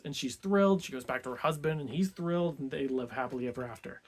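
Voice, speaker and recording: Male book-club host, easygoing conversational summary, filler-heavy and relaxed. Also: mid-range voice, fast. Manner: laid-back, peppers speech with "like".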